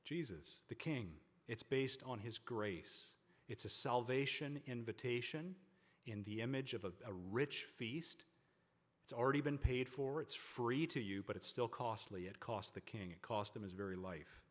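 A man preaching a sermon to a congregation, with emphatic, drawn-out stresses on key words. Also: medium pitch. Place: large hall with a congregation. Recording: long hall reverb.

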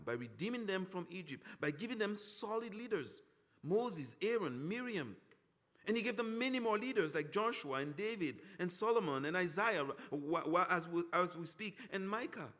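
A middle-aged man preaching with a fairly high voice. He swings between quiet pleading and loud emphasis as he voices scripture, pausing to correct himself along the way. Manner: expressive, pleading when quoting God, frequent self-corrections. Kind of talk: sermon.

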